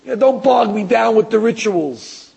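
A man's voice: high voice, animated, measured pace, gravelly, a little mellow, husky, low-quality recording. A man, a rabbi giving a religious lecture, talking emphatically and rhetorically, stammering into restarts and acting out other people's voices. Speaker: rabbi teaching a class.

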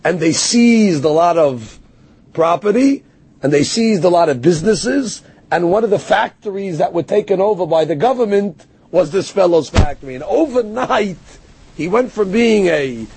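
Giving a Torah class, a male rabbi speaks high and slightly mellow, with a faint hiss or hum in the audio. His talk mixes storytelling with Hebrew verses he quotes and interprets, and he answers a heckler with self-mocking wit.

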